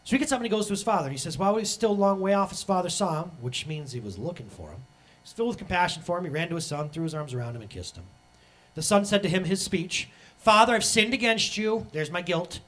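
Guy preaching, pretty high husky voice, big swoopy delivery, acts out voices. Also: expressive, quick pace. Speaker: pastor. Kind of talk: sermon.

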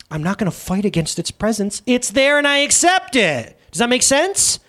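Animated, high-pitched male pastor. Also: moderate pace, few pauses. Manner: animated, conversational, asks the audience questions often. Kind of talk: sermon.

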